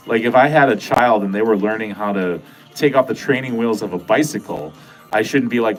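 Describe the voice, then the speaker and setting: A man's voice: on the low side, fairly quick, faint music behind. A man with a nasal Midwestern American accent hosting a livestream, rambling casually, swearing freely and joking with his chat. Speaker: livestream host.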